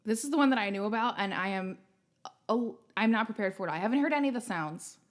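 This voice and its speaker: A woman playing as a contestant on a silly stream game show, cracking deadpan jokes in casual banter. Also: medium pitch, fast.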